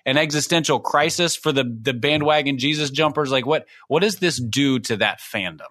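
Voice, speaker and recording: A man co-hosting a casual podcast chat, wry and joking with quick asides. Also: mid-range voice, pushed and bright, no room sound, studio quality. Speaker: podcast co-host.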